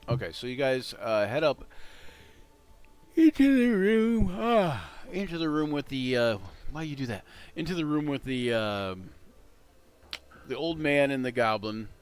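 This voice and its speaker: A man running a tabletop game as game master, narrating in a relaxed, halting way with frequent pauses. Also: mid-range voice, clear, resonant tone. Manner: relaxed, halting, with many ums.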